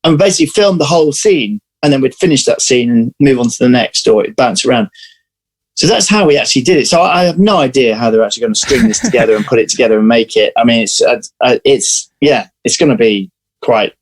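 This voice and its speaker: A man's voice: medium pitch, quick pace, breathy edge, poor audio. Chatty man telling backstage stories. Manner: lively anecdotal storytelling. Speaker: actor guest. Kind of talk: casual interview chat.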